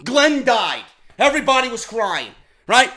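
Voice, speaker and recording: A vlog host delivers a profane rant. His voice sits very high and sounds bright and edgy. He swings from shouted outbursts down to low, grumbling asides. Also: sing-song, a little slow. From New York. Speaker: YouTube show host. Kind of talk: ranting commentary vlog.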